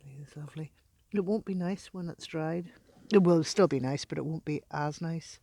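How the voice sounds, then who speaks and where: A woman narrating as she beachcombs outdoors, soft-spoken and given to delighted exclamations, sometimes dropping to a near whisper. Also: deep voice, normal speed, vocal fry. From Northern Ireland. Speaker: beachcombing vlogger. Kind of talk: casual narration while walking.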